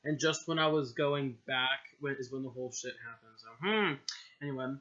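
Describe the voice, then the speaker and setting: Uomo ridacchiante che legge una sua vecchia storia. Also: male voice, mid-range voice, moderate pace, pushed and bright. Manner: giggly, self-mocking, swears often. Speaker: reader of his own old story. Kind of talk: casual story reading with comic asides. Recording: dull lo-fi home recording.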